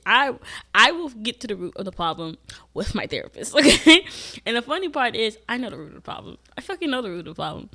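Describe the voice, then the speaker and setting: A young woman speaks straight to camera in a candid, reflective vlog. Her voice is bright and forward, and her talk is loose and profane, with sudden loud, emphatic bursts. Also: medium pitch, creaky. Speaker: vlogger. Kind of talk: casual reflective monologue. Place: Atlanta.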